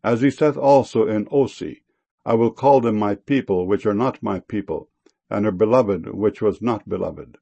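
A man giving a solemn, measured scripture reading in archaic wording. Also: on the low side, gravelly, dark tone, husky.

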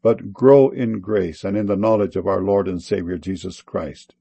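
A man reading old-style Bible text aloud, in measured, solemn phrasing broken by short pauses. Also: deep voice, fairly even intonation, vocal fry, warm tone, slightly rough, dry recording. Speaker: scripture reader.

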